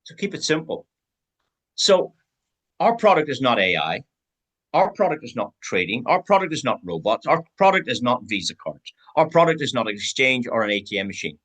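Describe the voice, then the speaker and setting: A man's voice: mid-range voice, sing-song, normal speed, fairly bright tone, low-quality recording. A man giving a team sales training talk, acting out both sides of example conversations.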